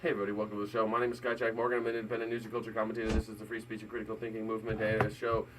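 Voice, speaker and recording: A man's voice: fairly low pitch, completely flat delivery, racing, over loud music. A middle-aged man hosting a live news reaction stream, chatting casually and rambling with frequent laughs. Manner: rambling, jokey, laughs often, bursts into shouted mock voices. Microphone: desk mic.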